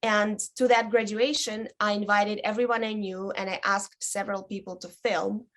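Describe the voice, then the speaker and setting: A woman in her thirties, a burlesque dancer chatting as a guest, telling stories with many ums and likes and lively quoted voices. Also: medium pitch, normal speed. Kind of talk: casual interview chat.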